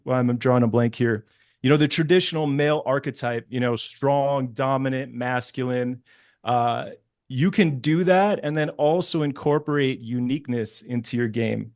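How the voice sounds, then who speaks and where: A man's voice: medium pitch, dry recording, clean studio sound. A man on a video call, a dating coach sharing reflective stories in casual chat, sometimes searching for words.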